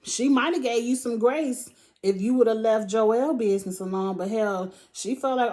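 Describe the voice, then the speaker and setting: A woman's voice: a little high, normal speed, darkish tone. A young woman host casually recapping a reality TV episode, blunt and profane, acting out mock quotes with lots of laughter.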